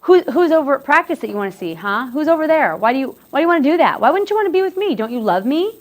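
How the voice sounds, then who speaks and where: A woman's voice: high voice, very animated, pitched above the performer's own voice. A woman acting out a jealous, needy dating partner who fires off pleading, accusing questions. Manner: pleading, rapid-fire questions.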